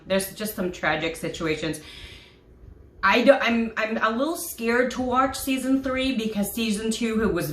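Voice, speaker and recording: A woman vlogger talks in a casual, gushing way, full of fillers and little laughs. Her voice sits a bit low for a woman. The room around her has a noticeable echo. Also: a bit bright, slight background noise. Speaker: vlogger reviewing a TV series. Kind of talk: casual chat. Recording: echoey room.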